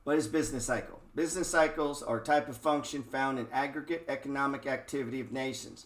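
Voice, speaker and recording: A man's voice: medium pitch, a bit bright. Blunt, cursing man with a roomy echo. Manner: blunt, profane, rhetorical questions. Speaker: trading educator. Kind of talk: casual screen-share market talk.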